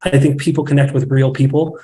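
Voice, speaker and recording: This podcast guest, a real estate marketing director, talks briskly in a medium-pitched voice over a low-quality recording. Candid and lively, he acts out little snippets of dialogue during the casual conversation.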